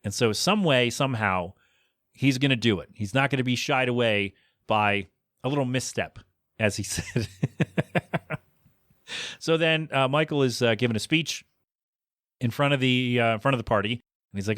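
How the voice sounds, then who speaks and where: A man hosting a podcast, casually recapping a TV episode and acting out the characters' lines with animated swings in his voice. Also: medium pitch, moderate pace, long pauses, no room sound, clean studio sound. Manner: animated, acts out characters' quotes. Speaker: podcast host.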